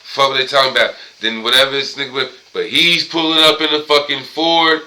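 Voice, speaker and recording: Bright-voiced man rambling in street talk. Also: medium pitch, fairly even intonation, a little fast, poor audio. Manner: loose, profane street talk, rambling with tangents. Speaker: podcast host. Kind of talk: casual solo monologue.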